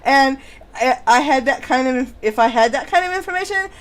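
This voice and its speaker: A woman's voice: high-pitched, expressive, a little fast. Woman doing a ditzy Valley girl. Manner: rambling, full of "like" and "you know".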